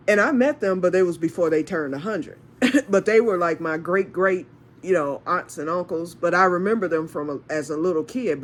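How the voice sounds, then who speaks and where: This storytelling vlogger is a Michigan woman with a lowish voice who chats her way through a rambling personal tale. She laughs a lot and acts out other people's lines, and there's slight background noise.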